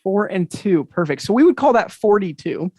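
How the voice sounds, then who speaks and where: A man's voice: high voice, very animated, normal speed, mellow, dry recording, studio quality. A man hosting an interactive magic show over a video call, talking to the audience with upbeat, enthusiastic patter. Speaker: magician and host.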